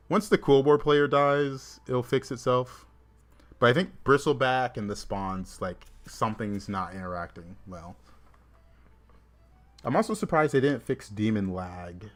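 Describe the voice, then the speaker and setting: Low-voiced Southern US game streamer. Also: male voice. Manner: chatty, filler-heavy with "like". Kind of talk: casual livestream commentary.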